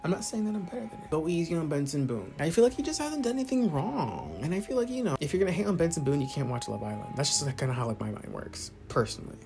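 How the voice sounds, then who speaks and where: A young man ranting through a casual pop-culture commentary, theatrical and profane, swinging between muttering asides and loud outbursts. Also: a little high, sing-song, fast talker, gravelly, few pauses. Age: young adult. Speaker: commentary vlogger.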